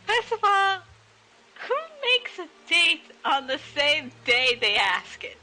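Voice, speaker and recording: A woman's voice: sits high, big pitch swings, slow pace, pushed and bright, rough recording. A woman playing a tabletop game, rambling in character and sounding exasperated. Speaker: player. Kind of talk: in-character tabletop role-play.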